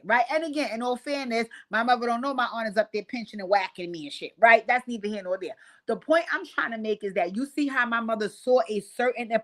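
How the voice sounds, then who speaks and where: A woman hosting a live stream, telling profane stories and talking to viewers in a casual, animated way. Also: on the high side, fast. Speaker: host.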